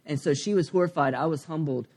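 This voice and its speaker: A man's voice: fairly high pitch, quick pace, darkish tone. A man in his thirties preaching a sermon, telling a personal story candidly, with many fillers and asides. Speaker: pastor.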